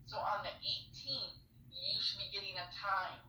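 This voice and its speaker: A woman nurse explains a medication calendar step by step in a bright, crisp voice, checking in after each point. The sound comes through a video call, echoey and a little far from the mic. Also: medium pitch, fairly even intonation, normal speed, slight background noise. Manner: patient, step-by-step, checks understanding with "okay?". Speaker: fertility nurse.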